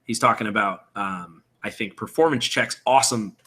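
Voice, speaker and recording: This streamer's voice sits on the low side, bright and forceful, at a moderate pace. He is building a game character live, explaining the character creation in a loose, rambling way as he thinks aloud and answers chat, from a room at home with window blinds.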